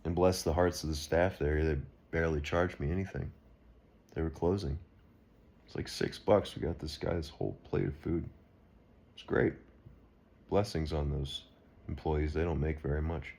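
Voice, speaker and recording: A man's voice: a bass voice, steady tone, normal speed, gravelly, pauses often, a little mellow. A man talking straight to camera in an unscripted monologue, rambling and earnest with frequent restarts. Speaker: video blogger.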